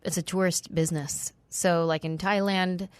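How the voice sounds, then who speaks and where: A woman's voice: fairly low pitch, fairly even intonation, moderate pace, smooth, dry recording. A woman chatting on a podcast in an emphatic way, joking about herself and explaining things at length. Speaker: podcast co-host. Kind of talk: casual podcast chat.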